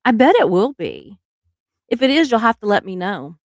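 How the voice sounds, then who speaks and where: A woman's voice: on the high side, big pitch swings, moderate pace, no echo, clean studio sound. A middle-aged woman, hosting a casual live stream, chatty and laughing often, trailing off mid-sentence.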